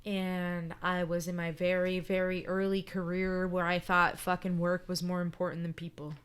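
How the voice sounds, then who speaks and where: A woman's voice: fairly low pitch, little pitch movement, moderate pace, clear, resonant tone. A woman in casual podcast chat, telling a personal story bluntly, swearing often and checking in with "right?". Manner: emphatic and candid.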